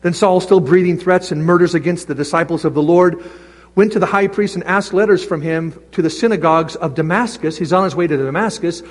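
A male pastor preaching a sermon, animated, acting out little voices and reading scripture aloud. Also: high voice, fairly quick. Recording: long reverb of a large hall.

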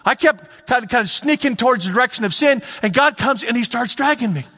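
Animated preacher man in a reverberant hall. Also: very high-pitched, brisk. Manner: animated, acts out God's voice, swings from shouting to hushed. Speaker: pastor. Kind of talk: sermon.

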